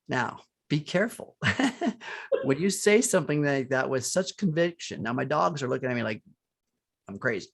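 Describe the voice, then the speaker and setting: A man's voice: medium pitch, animated, normal speed, vocal fry. A man co-hosting a live online talk, speaking earnestly and motivationally about surrender and focusing on joy. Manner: earnest, motivational, with restarts and chuckles. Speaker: co-host. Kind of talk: spiritual coaching talk.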